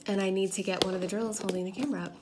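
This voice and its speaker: Woman, 30s, crafting vlogger at home, relaxed chatty storyteller, filler-heavy. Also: mid-range voice, very fast, background noise. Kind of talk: casual chat while crafting. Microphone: camera propped on a table.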